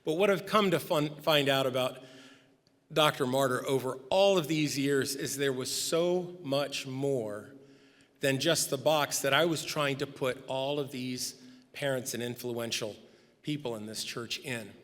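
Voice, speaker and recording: Middle-aged man, eulogy storyteller, wry anecdotes, ordinary pitch, big reverberant church. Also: unhurried. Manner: anecdotal, gently humorous storytelling. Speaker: speaker giving a memorial tribute. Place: large church sanctuary. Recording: long reverb in a church hall.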